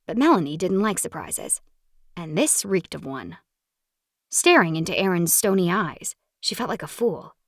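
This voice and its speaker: A woman narrating a romance audiobook in an expressive, animated storytelling style, recorded in a booth. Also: on the low side, moderate pace, dry recording, clean studio sound.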